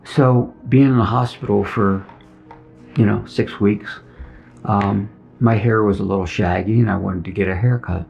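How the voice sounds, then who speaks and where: A man's voice: lowish voice, steady tone, normal speed, vocal fry. A middle-aged man, a veteran, earnestly recounting a personal testimony and acting out the dialogue. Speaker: veteran telling his story. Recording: dull lo-fi recording with soft music. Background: soft music.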